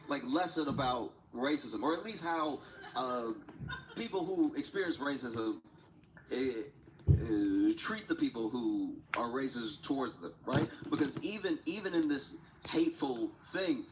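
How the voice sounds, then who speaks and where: A man's voice: mid-range voice, low-quality recording. A man chatting casually during an art livestream, telling a rambling story and often laughing and repeating himself. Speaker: livestreaming artist. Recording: steady background noise.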